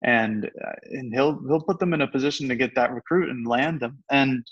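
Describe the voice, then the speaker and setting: A man's voice: mid-range voice, moderate pace, breathy edge, lo-fi sound. A young man in his twenties, co-hosting a casual sports talk, easygoing and hesitant with many fillers. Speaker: co-host.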